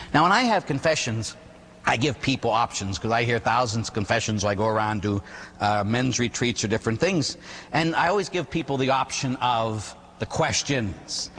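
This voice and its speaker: A man who is a priest, giving an animated sermon and acting out quotes, often ending lines with "huh?". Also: medium pitch, normal speed, slight background noise. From Pittsburgh area, USA. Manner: animated storytelling with acted quotes and "huh?" tags. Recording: long hall reverb.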